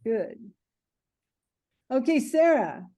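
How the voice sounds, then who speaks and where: A woman teaching a writing class over a video call, casual and halting as she leads the discussion. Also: sits high, sing-song, mellow.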